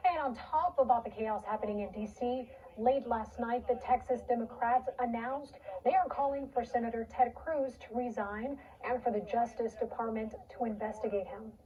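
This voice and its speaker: Female TV anchor, formal news read, mellow tone, muffled and distant. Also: fairly high pitch, steady tone. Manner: measured, formal delivery. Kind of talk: broadcast news reading. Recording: dull, distant TV audio.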